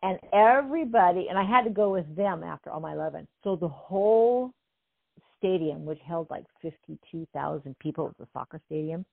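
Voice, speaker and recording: Animated older woman on a tinny line. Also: on the low side, brisk, gravelly, no room sound. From California. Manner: animated, acts out quotes, laughs often. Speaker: guest. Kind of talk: casual storytelling interview.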